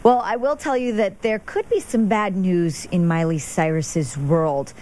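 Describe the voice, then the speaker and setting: A woman's voice: on the low side, measured pace, dark tone. A young woman hosting an entertainment gossip segment, chatty and laughing easily. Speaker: entertainment news segment host. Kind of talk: casual gossip chat.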